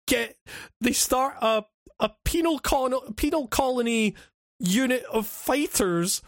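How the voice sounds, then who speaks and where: Casual podcast co-host, male, higher pitch, rambling and profane, dead-dry room. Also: takes it slowly, no echo. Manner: rambling, profane, many restarts and fillers; laughs often while talking. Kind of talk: casual chat.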